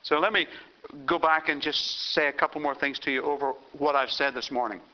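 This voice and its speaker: Older man, pastor, sermon, storytelling, reads scripture, slightly high voice, dull recording. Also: fairly even intonation, fairly quick. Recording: dull lo-fi sound.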